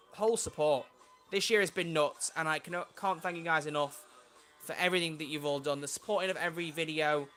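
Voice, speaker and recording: A man's voice: on the high side, bright, forceful tone. A young man on a casual livestream, chatting away and flustered by tech trouble, recorded at home.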